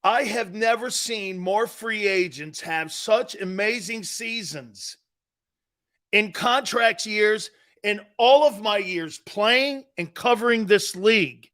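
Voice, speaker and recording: Middle-aged guy hosting a sports talk show, pretty high voice, blunt and pushy, keeps saying dude. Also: takes it slowly, sharp tone. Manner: brash, blunt, emphatic, addresses listeners as dude. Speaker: sports talk show host and former player. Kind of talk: opinionated sports talk commentary.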